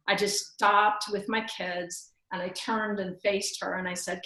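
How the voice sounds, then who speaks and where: A woman's voice: medium pitch, steady tone, normal speed, hardly any pauses, a bit bright. A middle-aged woman telling personal stories as a podcast guest, earnest and reflective, often restarting her sentences. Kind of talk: personal storytelling in conversation. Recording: roomy echo.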